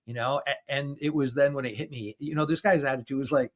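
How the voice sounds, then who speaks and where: A man's voice: mid-range voice, fairly even intonation, fast talker. A man in his fifties hosting a podcast, talking casually, laughing often and restarting his sentences as he tells stories. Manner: chatty storytelling, laughs often between phrases; restarts and repeats words. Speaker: podcast host. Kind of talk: casual conversation.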